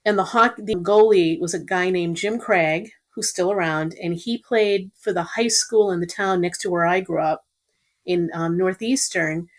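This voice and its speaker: A middle-aged woman, a podcast guest telling rambling, animated stories in casual conversation. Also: on the low side, normal speed. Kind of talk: casual storytelling.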